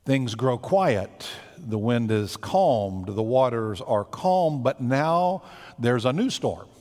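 A man's voice: mid-range voice, animated, takes it slowly, a little mellow, long reverb tail. A man preaching a sermon as pastor, talking in a conversational, storytelling way and acting out the quotes he tells.

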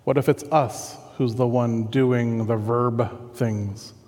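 A man's voice: medium pitch, fairly even intonation, takes it slowly, a little mellow. A man preaching a sermon as pastor, earnest and conversational, thinking aloud as he goes. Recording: long hall reverb.

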